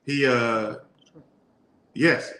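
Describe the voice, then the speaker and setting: Bright-voiced easygoing man co-host. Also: mid-range voice, steady tone, very slow. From Detroit. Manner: easygoing, rambling storyteller. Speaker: podcast co-host. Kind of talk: casual live-stream chat. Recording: echoey room.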